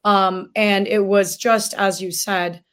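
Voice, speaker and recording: Woman guest, earnest and halting, emotionally moved, mid pitch. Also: little pitch movement, a bit bright, clear, resonant tone. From Palestinian family. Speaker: guest author and plaintiff. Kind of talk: emotional roundtable discussion.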